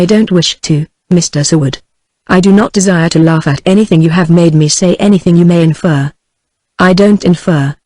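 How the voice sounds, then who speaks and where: A woman's voice: lowish voice, darkish tone, dry recording, lightly acted. A British-accented synthetic female voice reading the lines of an impulsive young woman in love, without a character voice.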